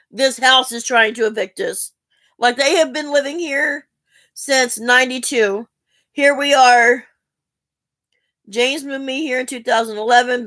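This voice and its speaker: A woman's voice: a little high, fairly bright tone, no room sound. A woman, talking earnestly and in a rambling, heartfelt way to her viewers, asking for help. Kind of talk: emotional personal talk to camera.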